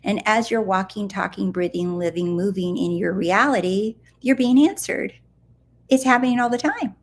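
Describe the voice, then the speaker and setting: A woman talks to her viewers on a live stream in a mid-pitched voice. She coaches with playful emphasis, stacks repeated words, and slows down to drive a point home. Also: slight background noise. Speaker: manifestation coach.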